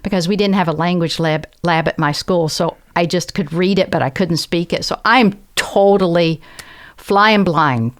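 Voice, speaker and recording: A woman from the American South speaks in a slightly low voice with a Southern accent. She tells a personal story as a podcast guest, earnest and reflective, and acts out the voices of the people she quotes. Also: normal speed. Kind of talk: conversational storytelling.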